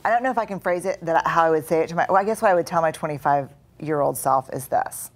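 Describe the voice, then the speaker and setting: A woman speaking as a guest in a live conversation, earnest and reflective, often dropping to soft, quiet tones. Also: low-pitched, fast talker. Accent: Texan.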